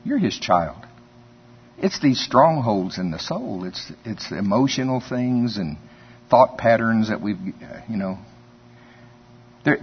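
In a dull lo-fi recording, a man with a low, breathy-edged voice preaches a folksy, conversational sermon, telling stories and chuckling often.

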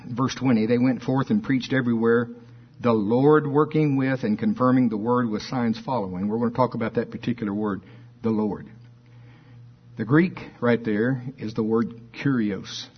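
A man's voice: medium pitch, steady tone, measured pace, slightly rough, dull audio. A man preaching a fervent sermon, reading scripture aloud and firing questions at his listeners. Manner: fervent, emphatic preaching with call-and-response questions.

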